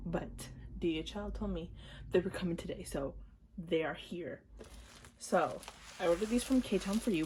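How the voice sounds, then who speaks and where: A woman chatting casually to camera while unboxing, excitable and prone to gasps and squeals, then dropping into quiet mumbles. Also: fairly low pitch, slight background noise. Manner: drops to quiet mumbles between outbursts. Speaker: vlogger unboxing albums.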